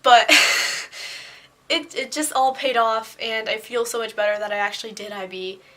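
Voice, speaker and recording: A young woman talks straight to her viewers in a chatty, candid vlog. She is pitched a little high and sounds bright and forceful, and she scatters fillers and restarts through her talk. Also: steady tone, a little slow. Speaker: vlogger. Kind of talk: casual talking-head vlog.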